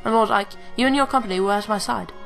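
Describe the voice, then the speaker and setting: A woman voicing a gentle young princess in a game, with a British accent and a soft, formal, earnest manner. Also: mid-range voice, fast, gravelly, faint music behind.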